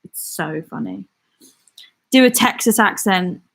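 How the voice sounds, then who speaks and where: A woman's voice: mid-range voice, lively intonation, measured pace, creaky. Giggly chatty young woman from Britain. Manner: chatty and giggly, with frequent ums and laughs. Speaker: YouTuber hosting a live stream. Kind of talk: casual live-stream chat reading viewer comments.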